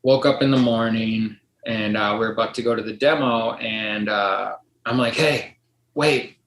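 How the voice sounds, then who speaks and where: A man's voice: fairly low pitch, steady tone, moderate pace, a bit bright. A middle-aged man, a podcast guest, telling a long story in a rambling casual way, full of likes and ums, acting out the voices of others. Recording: roomy echo.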